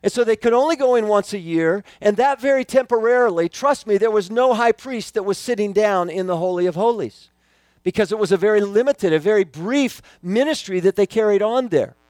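A man's voice: high voice, brisk, a little mellow, no room sound. A man preaching a sermon, earnest and emphatic, repeating key phrases for weight. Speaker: pastor.

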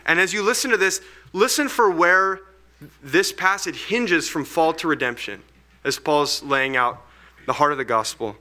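A man's voice: on the high side, moderate pace, bright, forceful tone. A man leading a group Bible study, earnest and explanatory, thinking aloud as he teaches.

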